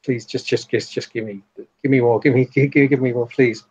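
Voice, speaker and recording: A man voicing a strung-out young addict who murmurs and begs in halting bursts, on a slightly muffled recording. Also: medium pitch, mellow, slightly rough. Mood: begging.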